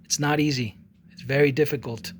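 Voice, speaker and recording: A man's voice: on the high side, fairly quick, slight background noise. Restless-talking man in his forties. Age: 40s. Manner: rambling, with frequent restarts and repeated words; animated storytelling, acting out both sides of a quarrel. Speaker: artist vlogger. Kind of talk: casual monologue.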